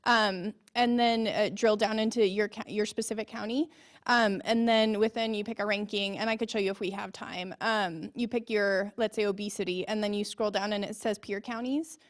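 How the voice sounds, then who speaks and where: A woman's voice: mid-range voice, steady tone, normal speed. A woman speaks up from the audience at a health board meeting in a meeting room. She explains informally and step by step, with casual fillers. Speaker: audience member. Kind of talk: answering a question at a meeting.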